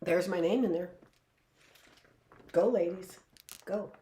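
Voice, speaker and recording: A woman's voice: fairly low pitch, slow pace, dark tone. Woman teacher reading aloud in a roomy space. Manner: reads aloud with chatty asides and self-corrections. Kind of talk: reading a history book aloud to a class.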